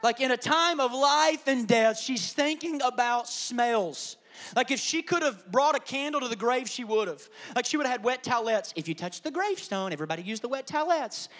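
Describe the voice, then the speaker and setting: A middle-aged man preaching a sermon as pastor, acting out the voices in the story and swinging from loud, pressing lines to hushed whispers. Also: extremely high pitch, lively intonation, normal speed. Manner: dramatic, swings from loud shouting to hushed whispers, acts out quotes.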